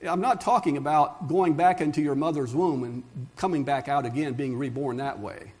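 A preacher acting out a patient male teacher who explains gently and steadily. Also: on the high side, moderate pace, pitched below the performer's own voice, close to an everyday voice.

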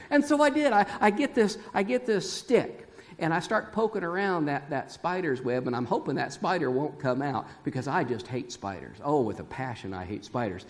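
A man's voice: sits high, long reverb tail. A man preaching a sermon to his church, telling a folksy story and chuckling often. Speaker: pastor. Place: church sanctuary.

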